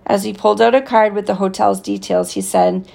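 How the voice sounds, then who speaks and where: A woman reading a novel aloud, with steady, expressive storytelling. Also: medium pitch, brisk, vocal fry. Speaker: reader.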